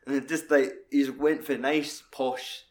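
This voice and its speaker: A man co-hosting a laid-back film chat. He talks in loose, rambling stretches and swears freely. His voice sits at an ordinary, mid-range pitch. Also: flat delivery, a little slow. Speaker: podcast co-host. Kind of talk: casual film discussion chat.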